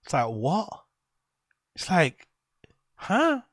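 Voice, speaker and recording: An English man hosting a casual live reaction stream, joking crudely and shouting out viewers in chat. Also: sits high, huge pitch swings, very slow, no room sound, clean studio sound.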